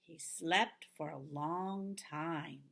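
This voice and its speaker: A woman reading a children's picture book aloud in an expressive voice, sometimes dropping into a hush. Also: low voice, very slow, creaky. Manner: expressive, with hushed whispered asides. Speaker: storybook reader.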